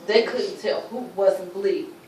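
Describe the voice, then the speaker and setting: A woman giving an emotional personal testimony at a luncheon, telling her story in animated, informal speech and acting out what people said. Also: mid-range voice, a little slow. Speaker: speaker sharing a personal testimony. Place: luncheon event room. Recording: roomy, distant mic, faint ambience.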